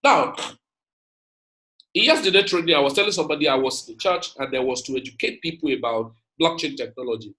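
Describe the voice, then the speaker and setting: A man's voice: mid-range voice, expressive, brisk, bright, forceful tone, low-quality recording. A man giving an emphatic motivational lecture, repeating his points and calling out to his audience. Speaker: speaker.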